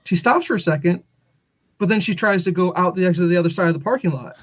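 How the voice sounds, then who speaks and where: Man, podcast host, slightly high voice, casual rambling storytelling, laughs often. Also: fast. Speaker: father.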